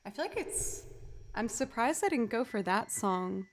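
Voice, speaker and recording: A woman's voice: fairly high pitch, lively intonation, unhurried. A woman chatting casually on a livestream, tired and yawning, rambling and thanking viewers as she goes. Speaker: streamer and musician.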